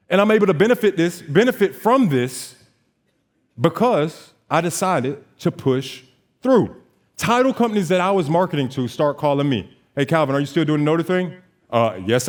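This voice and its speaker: A man in his twenties, a notary business owner giving a motivational talk on stage, telling his story in an animated way and acting out bits of dialogue. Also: high-pitched. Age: 20s.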